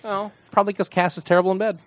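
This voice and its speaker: A man's voice: sits high, little pitch movement, racing, no room sound. A man co-hosting a podcast, chatting casually about a TV episode, easygoing and often chiming in with short agreements. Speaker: podcast co-host. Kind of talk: casual chat recapping a TV episode.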